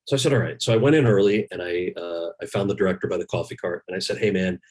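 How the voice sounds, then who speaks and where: A man's voice: sits low, rapid-fire, poor audio. A man in his forties, a guest actor, telling candid stories with lots of restarts over a video call. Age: 40s. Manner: candid, animated anecdotes with many restarts. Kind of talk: storytelling in a conversation.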